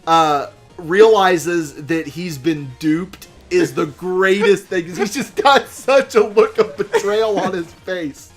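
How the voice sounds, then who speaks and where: A young man hosting a gameplay video, telling a long story with lots of cussing, fillers and restarts. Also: soft background music. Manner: rambling, profane, halting with fillers and restarts; mimics friends in shrill shouts. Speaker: let's play host. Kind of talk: casual storytelling while gaming.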